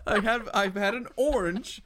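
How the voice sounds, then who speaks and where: Chatty co-host, gets worked up telling a story, leans on filler words, mid-pitched voice. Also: unhurried, background noise. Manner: animated storyteller, heavy use of "like". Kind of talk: casual chat.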